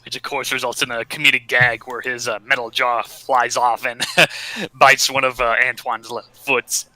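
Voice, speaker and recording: A man's voice: medium pitch, flat delivery, moderate pace, bright, forceful tone, no room sound, poor audio. A man co-hosting a casual podcast, recapping a story with voiced asides and frequent laughter. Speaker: podcast co-host.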